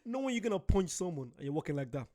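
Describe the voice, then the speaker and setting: A British man hosting a casual reaction video, excitable, laughing often and talking straight to his viewers. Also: a little high, racing.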